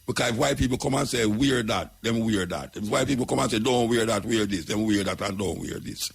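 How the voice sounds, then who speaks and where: A man's voice: fairly low pitch, brisk, gravelly, breathy edge. A man with a Jamaican accent, talking as a radio host in an emphatic, preaching way, repeating his points. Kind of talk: talk radio commentary.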